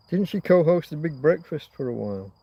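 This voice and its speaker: In a muffled recording, a middle-aged Yorkshireman hosting a casual livestream chat muses and meanders in Yorkshire English, drifting from thought to thought. His voice is on the high side, expressive, with vocal fry and slight roughness, at a normal speed.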